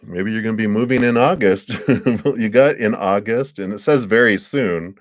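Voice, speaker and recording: A male tarot reader talks through a live-stream card reading in a low voice. He rambles warmly from card to card and laughs often. His voice sits close and dry on the mic, with no room around it. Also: normal speed, no room sound.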